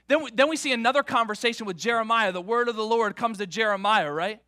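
A pastor delivers a sermon in a high, bright voice, speaking quickly with hardly any pauses. He's animated, restarting his words as he builds each point. The recording is dry and close, with no room echo.

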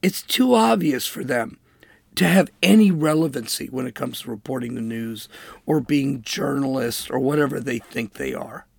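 A man's voice: mid-range voice, normal speed, vocal fry, darkish tone, no room sound. A man hosting a political commentary show, talking in an emphatic, sarcastic monologue and mocking with air quotes. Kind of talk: opinionated monologue.

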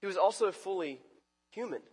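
A man with a high, husky voice preaches a casual, conversational sermon. He acts out quotes, swinging from loud outbursts to quiet asides. His voice rings through the long reverb of a church hall. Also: animated, a little fast. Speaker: pastor.

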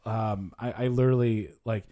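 A man's voice: fairly low pitch, fairly even intonation, normal speed, warm tone. Swearing, joking male podcast co-host. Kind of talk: casual chat.

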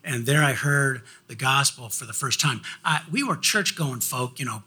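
A man telling a personal story in an animated way, laughing often and restarting his sentences. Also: medium pitch, normal speed, husky.

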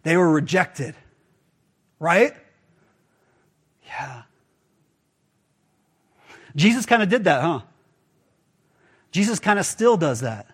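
A man's voice: on the high side, very animated, slow pace, long pauses, husky. A man pastor giving a casual, conversational sermon, full of rhetorical questions to the congregation.

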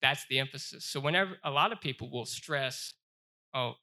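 Man, Bible study teacher, bright voice, earnest, repeats himself and slows down for scripture. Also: medium pitch, gravelly. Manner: earnest, repeats phrases, stumbles and restarts; reads scripture aloud with slow emphasis.

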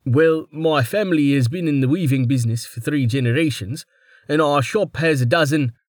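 A man's voice: fairly high pitch, moderate pace, no echo, pitched above the performer's own voice, close to an everyday voice. A man putting on a jittery weaver with a raised, eager-to-please voice that bows to every word. He sounds nervous and formal, recorded dry and close with no room sound. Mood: flustered. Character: anxious humble middle-aged male weaver.

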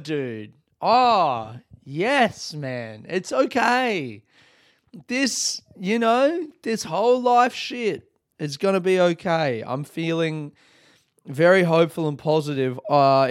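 A young man with an Australian accent talks alone into his podcast mic, loose and rambling, cheerful and swearing as he goes. His voice sits a little high for a man and sounds smooth and clean. The recording is close and dry, with no room sound. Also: no echo. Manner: swears freely, rambling and upbeat. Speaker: podcast host. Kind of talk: casual solo podcast chat.

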